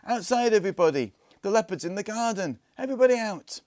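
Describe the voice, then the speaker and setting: Man voicing a high-pitched excited boy yelling on the hunt, storybook. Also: unhurried, no echo, clean studio sound. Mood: shouting. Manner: shouting, breathless calls. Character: brave excitable young boy hunter.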